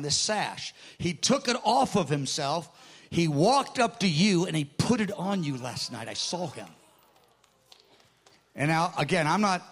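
A man preaching a sermon, telling a story with lively quoted dialogue and repeating words as he starts phrases. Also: sits high.

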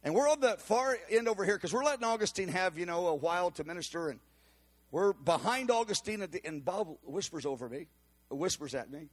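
A man preaching, telling a story in an animated way and acting out the voices of the people in it. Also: high voice, fairly quick. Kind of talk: storytelling sermon.

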